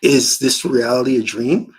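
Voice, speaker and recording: A man's voice: medium pitch, fairly even intonation, unhurried, slightly rough. A man giving a motivational spiritual talk about manifesting through dreams, emphatic and given to storytelling.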